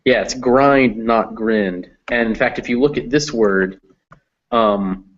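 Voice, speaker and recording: A man's voice: medium pitch, a little slow, dull audio. A man tutoring a student in reading English, explaining patiently with many fillers. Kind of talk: one-on-one reading lesson.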